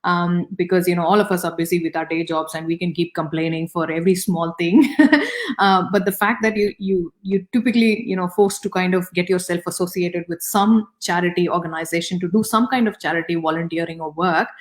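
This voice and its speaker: A woman's voice: fairly low pitch, fairly even intonation, fairly quick. A middle-aged woman with an Indian accent, speaking as an interview guest in a reflective, conversational way with many fillers and restarts.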